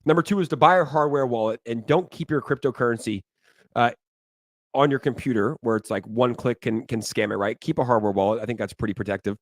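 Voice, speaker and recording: A man's voice: medium pitch, fast, no room sound, clean studio sound. A man in his thirties hosting a casual crypto talk show, emphatic and repeating words for stress. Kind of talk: casual podcast chat.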